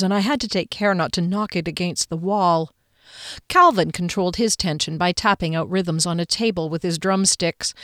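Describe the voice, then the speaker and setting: Female audiobook narrator, measured and even, dry close sound. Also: lowish voice, no echo. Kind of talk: scripted narration.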